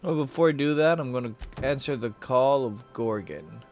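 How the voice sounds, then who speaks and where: A man's voice: medium pitch, normal speed, faint music behind. A man hosting a gaming channel, rambling casually while he plays. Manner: rambling and chatty. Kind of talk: casual let's-play commentary.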